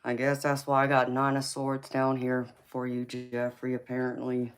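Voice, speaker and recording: A woman's voice: extremely low pitch, monotone, clean tone. A woman with a Southern accent hosting a live tarot reading stream, chatting casually with viewers and calling them baby. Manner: slow, drawling, calls viewers baby.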